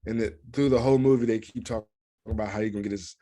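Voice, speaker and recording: A fairly low-pitched American man talks very fast as a podcast co-host in a casual chat. Full of laughter and animation, he acts out scenes from movies.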